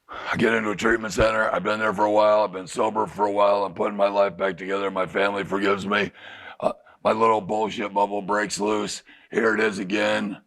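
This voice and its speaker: A gravelly, fairly bright voice pitched fairly low belongs to a middle-aged male addiction counselor. He is being candid with clients in a recovery house group room and keeps asking them rhetorical questions.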